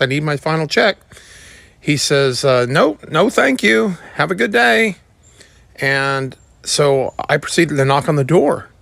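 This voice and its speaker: Gravelly middle-aged man telling a story. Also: mid-range voice, fairly bright tone, dry recording. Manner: halting, with fillers and restarts. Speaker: bathroom remodeler. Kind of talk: casual storytelling.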